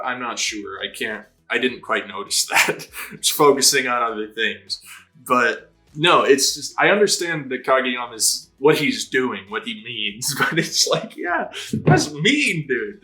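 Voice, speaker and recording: A man with a bright, ringing voice gives casual reaction commentary as he watches. He sounds excitable and slangy, and he swears freely. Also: mid-range voice. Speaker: anime reaction host.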